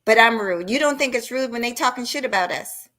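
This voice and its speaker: Brisk and expressive, a woman lets loose a heated rant on her live stream, confronting her audience head-on. She is blunt and profane, her voice bright and a touch high.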